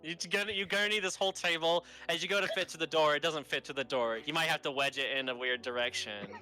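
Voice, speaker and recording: A man's voice: a little high, fairly even intonation, fast, sharp tone, faint music behind. A young man narrating a tabletop game as game master in a casual way, laughing often.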